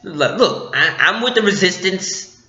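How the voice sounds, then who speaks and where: A man's voice: high-pitched, expressive, unhurried, sharp tone, full character voice. Nervous young runaway soldier, defensive and pleading, voiced by a man; echoey room. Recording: echoey room, dull lo-fi sound.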